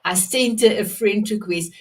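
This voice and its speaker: Woman host, effusive and praising, halting restarts, sits back from her call mic. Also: medium pitch, a little mellow, distant mic. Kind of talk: live online author show.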